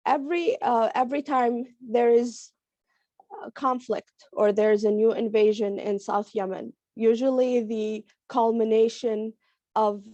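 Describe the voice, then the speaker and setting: A woman with a cold and a raspy voice, giving a halting panel talk on a video call with many fillers. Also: on the high side, mellow, no echo. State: hoarse from a cold. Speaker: panel speaker. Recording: dull lo-fi video call audio.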